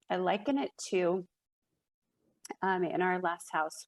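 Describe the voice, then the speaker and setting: A woman's voice: on the low side, vocal fry, rough recording. A woman speaking as a guest in a casual podcast conversation, reflective, with frequent fillers and restarts.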